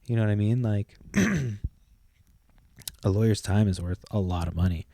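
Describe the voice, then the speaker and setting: A man's voice: fairly low pitch, unhurried, gravelly, dark tone, no echo, clean studio sound. A young man hosting a podcast, telling a long story in a loose, rambling way, swearing freely and trailing off with "like" and "blah, blah". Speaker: podcast host.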